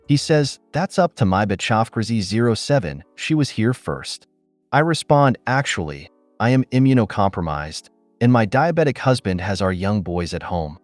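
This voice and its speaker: A man's voice: lowish voice, sing-song, normal speed, no echo. A man reading reddit stories aloud as the narrator, voicing every character in his own plain voice. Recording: dry close voice with faint background music.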